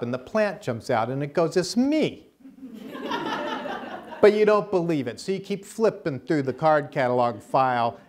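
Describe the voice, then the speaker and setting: This is a breezy, brassy middle-aged woman herbalist with a Chicago accent, done by a man imitating her. She talks loud and high, drawing out her words with a comic lilt. The voice sits well above a man's natural register.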